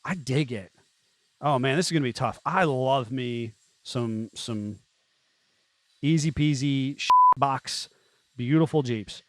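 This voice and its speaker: A man hosting a show, giving casual commentary with sarcastic, wisecracking asides and animated jumps in pitch for jokes. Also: measured pace. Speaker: host reviewing used Jeep listings.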